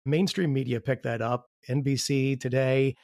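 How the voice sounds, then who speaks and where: A man hosting a podcast interview, asking long, measured questions. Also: mid-range voice, steady tone, darkish tone, dry recording, clean studio sound. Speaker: podcast host.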